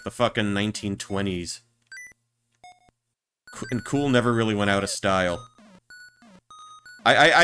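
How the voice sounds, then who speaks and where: A man chats casually while he streams a game, rambling and stammering through crude jokes. His voice sits a little low but sounds bright and forceful. Faint game music plays behind him. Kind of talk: casual gameplay chat.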